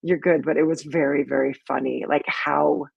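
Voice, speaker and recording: This is a middle-aged woman hosting a casual live stream about making her comedy sketches. Her voice sits on the low side and has a husky, breathy edge. The sound is dry and close, with no room echo, and she talks in a loose, rambling way full of fillers. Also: flat delivery, normal speed, muffled recording. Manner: chatty, rambling storytelling with many fillers. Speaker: sketch comedy creator and host.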